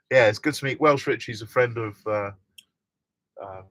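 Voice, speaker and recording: A man's voice: mid-range voice, fairly bright tone, a little hiss or hum. A middle-aged man hosting a casual live stream from inside a motorhome, chatting and reading out viewer comments with frequent laughs.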